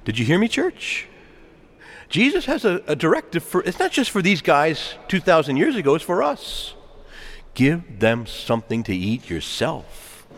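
A man preaching a sermon to his congregation, swinging from hushed lines to loud calls and asking them to respond. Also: high-pitched, huge pitch swings, normal speed. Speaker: pastor. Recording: reverberant hall.

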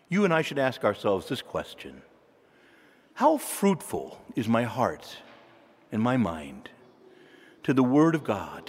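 A man preaching a sermon in a church, in a conversational way, putting questions to his listeners. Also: on the high side. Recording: long reverb of a large hall.

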